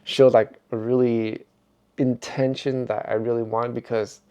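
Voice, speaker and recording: Mellow-voiced middle-aged man musing aloud. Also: medium pitch, level tone, unhurried, clear, resonant tone, lo-fi sound. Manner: rambling, reflective, chuckles often. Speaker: vlogger. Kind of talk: casual vlog monologue.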